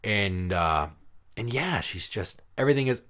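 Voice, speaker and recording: A man's voice: animated, measured pace, a bit bright. A man in his thirties hosting a podcast, telling stories in casual, profane, sarcastic chat. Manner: profane, sarcastic, mimics kids in a high voice. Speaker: podcast host.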